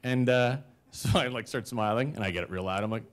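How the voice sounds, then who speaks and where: A man in his forties telling a comic personal story live on stage, self-mocking, with animated quoted voices and audience laughter behind. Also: fairly low pitch, brisk, a little hiss or hum.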